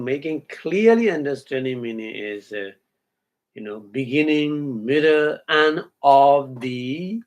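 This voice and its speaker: A man at medium pitch gives a Buddhist dharma talk as a meditation teacher, speaking haltingly. After chanting each Pali term he explains it, and he checks in with listeners using brief hums and questions.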